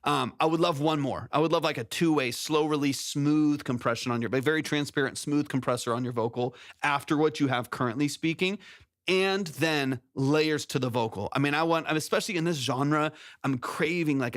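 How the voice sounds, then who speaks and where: A man's voice: a little high, fairly quick, fairly bright tone, dry recording. A man hosting a music production stream, giving casual technical feedback on a song's mix, rambling and correcting himself as he goes, close on a compressed studio mic. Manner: rambling, self-correcting, sings demo syllables. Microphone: close studio mic with vocal compression.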